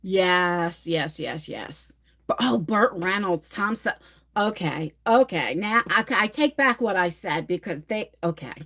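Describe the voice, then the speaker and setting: A woman's voice: lowish voice, lively intonation, a little slow, fairly bright tone. A middle-aged woman from New Jersey with a New Jersey accent, chatting casually on a livestream, rambling and reading viewer comments aloud. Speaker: livestream host.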